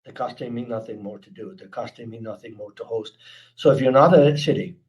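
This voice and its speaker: A man's voice: mid-range voice, a little fast, a little mellow. An Irish man with an East Coast accent, giving a chatty, earnest webinar talk on security awareness and taking questions, often restarting his sentences. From Ireland. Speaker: speaker presenting a security awareness program.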